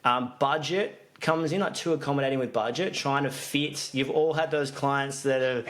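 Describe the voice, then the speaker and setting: A mid-pitched man talks business on a podcast. He rambles in casual chat, doubling back and restarting his sentences as his thoughts run on. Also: fairly even intonation, normal speed, fairly bright tone. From Australia. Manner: rambling, with frequent restarts and fillers. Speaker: podcast co-host, business coach.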